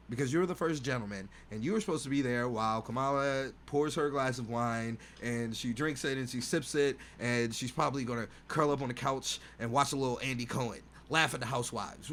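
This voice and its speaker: A man's voice: medium pitch, fairly bright tone, a little hiss or hum. Rambling man riffing solo. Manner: loose rambling riffing with laughs. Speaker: podcast host. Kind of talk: casual comedic monologue.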